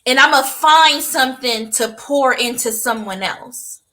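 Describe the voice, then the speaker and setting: Bright, expressive woman podcast co-host. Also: high voice, a little slow, poor audio. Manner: expressive, emphatic storytelling. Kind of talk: casual chat.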